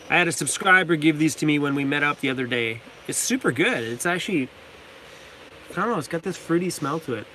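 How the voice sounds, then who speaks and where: A man's voice: fairly high pitch, sharp tone, slight background noise. A man hosting a casual livestream from inside his van, reading out viewer comments, laughing often and talking to his dog. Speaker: van-life channel host.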